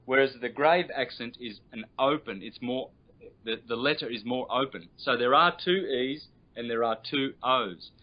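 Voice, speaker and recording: A man speaking as a guest teacher on a call, explaining patiently and drawing out sounds as he demonstrates them. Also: mid-range voice. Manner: patient and instructive, drawn-out demonstrated vowel sounds. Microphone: video call. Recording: lo-fi internet call audio.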